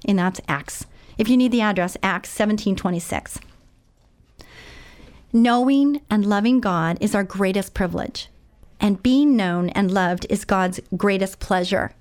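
A woman's voice: medium pitch, darkish tone, clear, resonant tone. A woman preaching a sermon in an emotional, heartfelt way, repeating words for emphasis.

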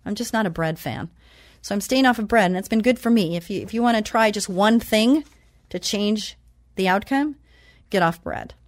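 A woman hosting a Christian talk show who reads scripture slowly and with emphasis, then chats casually. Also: medium pitch, no echo, studio quality.

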